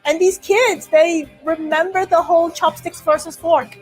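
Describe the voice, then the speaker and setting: A young woman co-hosting a casual chat, blunt and opinionated, with quick asides. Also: very high-pitched, fairly even intonation, faint music behind. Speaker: YouTube co-host.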